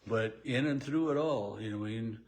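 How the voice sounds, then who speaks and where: A man's voice: medium pitch, normal speed. A male pastor giving a daily devotional Bible talk in a conversational way, with frequent fillers and restarts.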